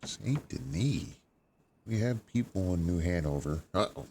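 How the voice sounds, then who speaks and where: A man's voice: sits low, expressive, unhurried, creaky, a little mellow, a little hiss or hum. A man playing a doctor in a game roleplay, chatting in an easygoing way. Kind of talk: in-character roleplay chat.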